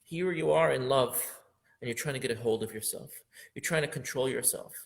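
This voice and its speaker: A man teaching a lesson on a classical poem, earnest, repeating phrases for emphasis and rising sharply in pitch when he acts out the inner voice. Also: a little fast, gravelly. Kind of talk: lecture explaining classical poetry.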